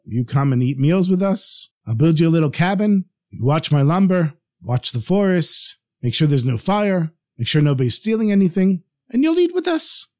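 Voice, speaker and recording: Guy doing a jumpy lumber merchant in a spoken story, warm mellow voice, lively swings. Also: fairly high pitch, normal speed, few pauses. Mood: eager. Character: anxious middle-aged male lumber merchant.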